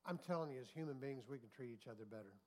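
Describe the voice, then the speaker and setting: A man's voice: medium pitch, lively intonation, rapid-fire, darkish tone. A male pastor preaching a sermon, telling a story and often asking the congregation for an amen. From United States. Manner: storytelling, acting out quotes, asking the congregation for amens.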